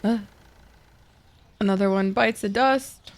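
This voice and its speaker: A woman's voice: medium pitch, animated, normal speed, fairly bright tone. A woman streamer chatting casually and swearing a lot while playing a game and talking to her chat. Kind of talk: casual gaming livestream chat.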